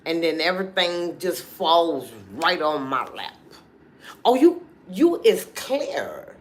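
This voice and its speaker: A woman, hosting a casual livestream and talking straight to her viewers in a chatty, animated way. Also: fairly low pitch, slow pace, a little hiss or hum. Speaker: livestream host.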